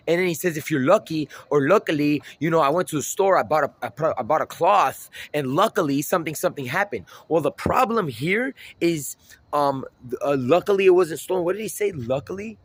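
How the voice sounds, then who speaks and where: Rambling husky-voiced man. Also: on the high side, lively intonation, fairly quick, fairly bright tone. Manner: rambling, repetitive, searching for words. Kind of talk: rambling personal monologue. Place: outdoors at night.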